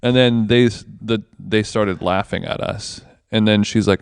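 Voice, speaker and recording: A man's voice: fairly low pitch, fairly even intonation, unhurried, hardly any pauses, smooth, dry recording, clean studio sound. A man co-hosting a podcast, rambling through a casual story and swearing freely. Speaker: podcast co-host. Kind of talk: casual chat. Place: basement of a villa.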